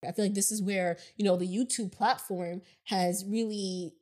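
Woman podcast cohost, kinda squeaky voice, laughs a lot, chatty and self-deprecating. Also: steady tone, moderate pace, darkish tone. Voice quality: somewhat squeaky voice. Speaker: podcast co-host. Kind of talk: casual podcast chat.

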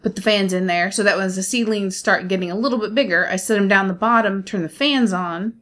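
A woman co-hosting a casual podcast, talking in an everyday mid-range voice. She is chatty and animated, and laughs easily as she goes. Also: mid-range voice, a little fast. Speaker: podcast co-host. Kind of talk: casual chat.

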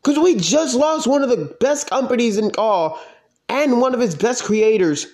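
A man's voice: lively intonation, normal speed, a little mellow. Heated, profane man ranting. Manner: profane, heated, pitch swinging widely. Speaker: online wrestling league fan. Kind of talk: angry vlog rant.

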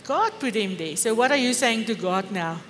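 A woman's voice: on the high side, lively intonation, moderate pace, a bit bright, a little hiss or hum. Fervent Afrikaans-accented woman preaching. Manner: fervent, with rhetorical questions. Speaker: pastor. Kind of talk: sermon. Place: church hall. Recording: echoey church hall with faint music.

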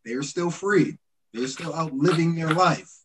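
A man co-hosting a casual podcast conversation, relaxed but emphatic as he makes his points. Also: fairly high pitch, a little slow, slight background noise, rough recording. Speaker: podcast co-host.

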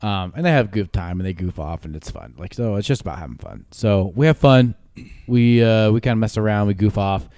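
A young man co-hosting a family podcast, telling stories in an animated way with frequent laughs. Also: fairly low pitch, fairly quick, dry recording, studio quality. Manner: animated storyteller, laughs often. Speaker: son and podcast co-host. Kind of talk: casual family podcast chat.

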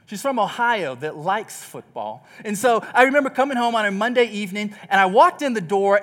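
A young man from Texas preaching a sermon, opening with a funny, self-deprecating story in a lively storytelling manner. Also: sits high.

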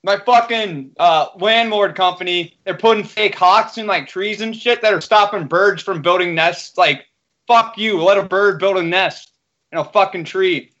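A man's voice: sits high, normal speed, fairly bright tone. A man co-hosting a podcast, complaining in casual, profane, irritated talk. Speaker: podcast co-host. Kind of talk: casual chat, ranting. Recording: dull lo-fi audio.

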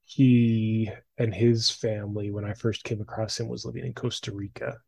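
A man's voice: on the low side, flat delivery, normal speed, creaky, mellow. A man in his twenties hosting a podcast interview, chatty and upbeat, laughing easily with his guest. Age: 20s. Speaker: podcast host and life coach.

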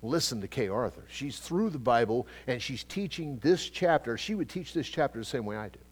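A middle-aged man preaches in a relaxed, conversational sermon style, full of asides and repeated starts. His voice jumps from loud, emphatic peaks down to quiet, low remarks. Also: brisk, husky. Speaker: pastor. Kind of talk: sermon, Bible teaching.

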